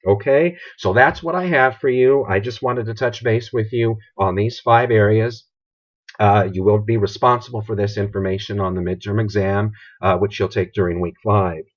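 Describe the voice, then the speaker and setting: A man teaching a business writing course in a recorded video lecture, measured and pausing with filler words, posing rhetorical questions to students. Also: on the low side. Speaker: college instructor. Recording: dull lo-fi sound.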